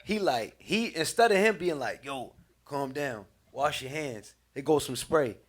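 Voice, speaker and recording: A man's voice: medium pitch, animated, a little slow, a bit bright. A man in a casual podcast chat, telling profane childhood stories with laughter. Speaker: podcast guest. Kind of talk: casual smoke-session chat.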